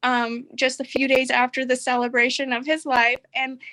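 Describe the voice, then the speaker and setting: A middle-aged woman speaks in a high, bright voice. She tells her story in an earnest, heartfelt way, open and candid, as a caller giving a testimonial. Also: little pitch movement, moderate pace. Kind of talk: emotional personal testimony.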